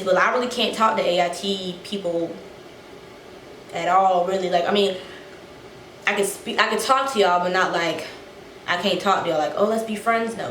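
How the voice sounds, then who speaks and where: Young woman, casual storytime vlog, winded, echoey room, faint background hiss. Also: medium pitch. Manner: animated, acts out quotes, swears freely. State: out of breath. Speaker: vlogger.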